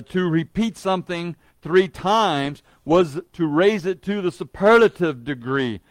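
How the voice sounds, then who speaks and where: A man's voice: a little high, clear, resonant tone, no echo. A man preaching a sermon in an earnest, emphatic way, stressing words by repeating them, with an occasional light joke.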